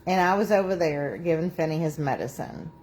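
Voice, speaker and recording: A woman's voice: sits low, expressive, a little fast, a little mellow, slight background noise. A woman hosting a live crafting stream, chatting casually, laughing often and reading out viewer comments. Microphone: phone on a tripod.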